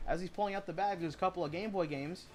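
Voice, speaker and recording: A man's voice: sits high, fast. A man chatting casually while he streams a video game, rambling and swearing as he retells stories.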